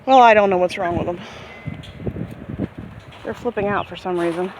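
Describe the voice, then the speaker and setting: Walking outdoors through her backyard vegetable garden near chickens, a gardening vlogger gives a casual, rambling tour, chatting to the camera and speaking to her chickens in a high sing-song. She talks at normal speed, with background noise and faint birds and clucking chickens.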